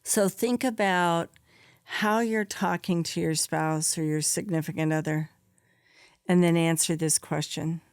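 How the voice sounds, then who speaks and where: A woman's voice: fairly low pitch, unhurried, no echo, studio quality. A woman podcast host and psychologist giving direct, practical advice, stressing her key points and checking in with "okay?". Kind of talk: advice monologue.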